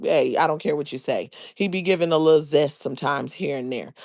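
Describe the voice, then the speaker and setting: A woman's voice: low-pitched, fairly quick, darkish tone, dry recording, studio quality. A woman hosting a live reaction stream, talking bluntly and sassily in slang. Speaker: livestream reaction host. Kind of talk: casual live reaction commentary.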